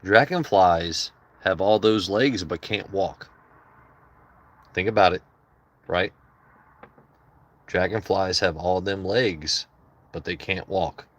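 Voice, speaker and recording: Low-voiced man rambling to his stream chat. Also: takes it slowly, long pauses, fairly bright tone. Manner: loose, joking, rambling asides to chat. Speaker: livestream host. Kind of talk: casual livestream chat.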